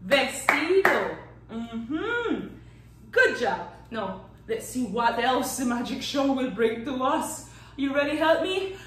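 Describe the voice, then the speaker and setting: Playful woman teacher for children, high and slow-paced, echoey room. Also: recorded from a distance. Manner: animated and playful, claps out syllables, counts down magic tricks. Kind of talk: children's language lesson.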